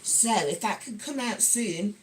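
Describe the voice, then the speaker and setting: A woman's voice: medium pitch, lively intonation, measured pace, a little hiss or hum. A middle-aged woman with a Nottingham accent, chatting casually on a livestream and reading out viewer comments with frequent giggles. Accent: Nottingham English. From England. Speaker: livestream host. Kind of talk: casual livestream chat while sewing.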